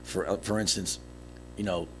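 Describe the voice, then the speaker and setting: A man's voice: deep voice, fairly even intonation, normal speed, a little hiss or hum. A man cohosting a sports radio talk show, breaking down football games in a chatty, loose way. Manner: chatty, many restarts and fillers. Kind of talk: casual sports radio chat.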